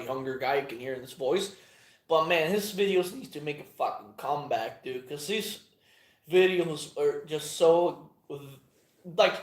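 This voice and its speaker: A man's voice: a little high, fairly bright tone. A man talking casually in a rambling monologue, swearing often and trailing off with plenty of fillers. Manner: profane, meandering, halting with many fillers. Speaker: channel host. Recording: echoey room.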